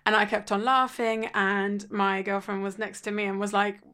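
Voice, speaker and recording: Woman, mid-pitch, candid and animated storyteller with dry humour, casual podcast chat. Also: moderate pace, clear, resonant tone. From Italy. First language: Italian. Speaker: podcast guest sharing a personal story.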